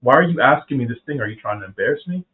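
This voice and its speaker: A man's voice: mid-range voice, animated, racing, natural voice. A man voicing an emotional young disciple who pleads in slang and turns defensive. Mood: hurt. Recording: phone-like narrow band.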